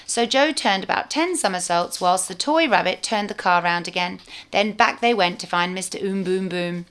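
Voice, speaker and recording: A woman, a teacher, reading a storybook aloud to young children with clear, expressive storytelling. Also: mid-range voice, normal speed.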